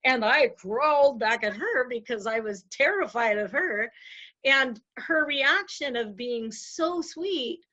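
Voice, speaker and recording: Woman guest, high bright voice, animated storyteller, dull lo-fi call audio. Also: slow pace. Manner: animated storyteller acting out voices, laughs often. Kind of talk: casual interview conversation.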